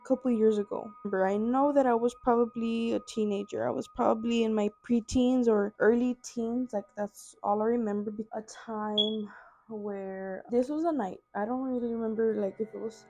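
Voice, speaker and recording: A woman's voice: a little high, fairly even intonation, normal speed, dark tone, faint music behind. A young woman casually telling her own ghost stories into a phone camera, rambling with lots of swearing and filler words. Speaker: vlogger. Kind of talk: casual storytelling.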